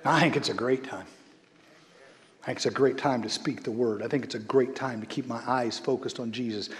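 A man preaching a sermon as a bishop, swinging between loud calls and hushed storytelling. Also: mid-range voice, fairly even intonation, brisk. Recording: long hall reverb.

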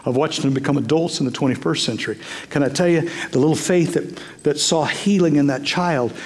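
An older man preaching a sermon as pastor, emphatic, swinging from loud bursts to hushed near-whispers. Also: on the high side, brisk.

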